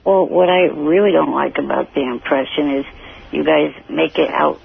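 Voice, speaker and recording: A man calling into a radio show, speaking in a gloomy, flat, slow way. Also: on the high side, creaky, slightly rough. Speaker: regular caller. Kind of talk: phone-in chat. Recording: muffled radio broadcast.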